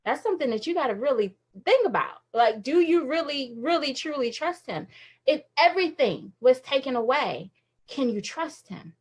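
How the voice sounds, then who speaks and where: A woman's voice: high voice, sing-song, moderate pace. A woman in her thirties giving a candid, emotional inspirational talk on a phone livestream, often laughing as she confides. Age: 30s. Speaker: faith livestream speaker.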